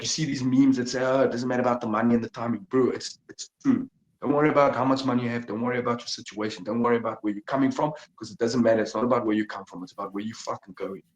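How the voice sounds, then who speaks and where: A young man, a fighter and podcast guest, giving emphatic, profane motivational talk. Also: medium pitch. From South Africa. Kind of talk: casual podcast interview. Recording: echoey room.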